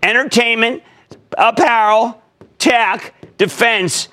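An older man hosting a finance call-in show, excitable and emphatic in rapid-fire bursts. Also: extremely high pitch. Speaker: TV stock market show host.

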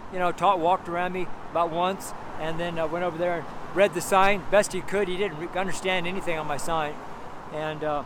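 A man with a notably high voice preaches and prays out on a city street, hammering home his points by repeating them again and again. His talk is loose and emphatic, full of little fillers. Faint traffic rolls by in the background. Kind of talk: street sermon and prayer.

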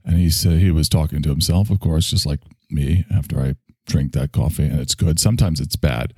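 A man's voice: rumbling low, fairly quick, a little mellow, breathy edge, no room sound, studio quality. A man, a spiritual teacher, telling a rambling, digressive story in a casual monologue, swearing now and then.

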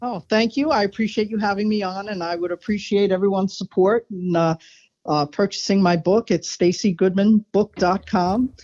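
A woman's voice: medium pitch, fairly even intonation, moderate pace, a little mellow, lo-fi sound. A woman guest on a podcast, blunt and plain-spoken with a self-deprecating streak. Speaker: podcast guest, former disaster responder. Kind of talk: casual interview chat.

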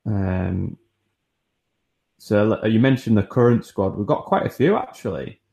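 A podcast co-host, not from Newcastle, speaks in a fairly low, creaky, dark voice that is very animated yet a little slow. In casual chat, he works through listeners' suggestions with hesitant fillers.

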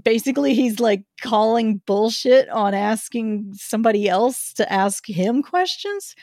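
A woman's voice: a little high, lively intonation, measured pace, few pauses, darkish tone, dry recording, clean studio sound. Chatty woman reading a story aloud. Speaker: reader of a story. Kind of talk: casual aside while reading aloud.

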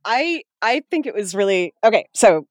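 A woman co-hosting a casual podcast chat, animated and quick to laugh. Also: medium pitch, no echo. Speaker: podcast co-host.

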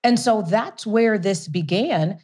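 Animated woman telling a story. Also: mid-range voice. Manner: animated, laughs often, quick restarts. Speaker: whiskey company founder and investor being interviewed. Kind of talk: storytelling in a conversational interview.

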